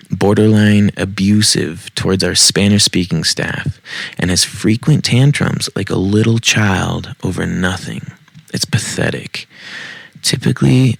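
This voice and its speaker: In his home basement, a man hosting a podcast casually reads online posts aloud, adding joking, self-mocking asides. His voice is deep with vocal fry and a fairly bright tone, and there's no echo.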